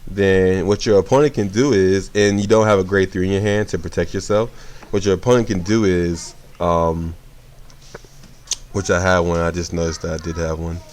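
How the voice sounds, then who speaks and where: A young man giving casual commentary on a card game he is playing, sleepy and relaxed, often rambling and correcting himself. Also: deep voice, moderate pace. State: sleepy, yawning.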